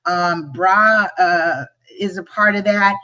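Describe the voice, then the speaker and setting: Slow-paced and lowish, her voice sounds pushed and bright through a muffled recording. A Philadelphia show host and real estate agent, she delivers live-stream motivational talk earnestly and from the heart, repeating words when emotion takes hold.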